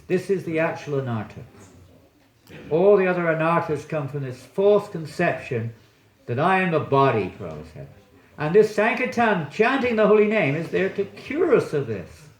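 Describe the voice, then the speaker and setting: Man, swami giving a class in a temple hall, lively up-and-down delivery, keeps quizzing the audience. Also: fairly high pitch. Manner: chatty, joking, quizzes the audience. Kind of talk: sermon with audience questions. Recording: echoey hall.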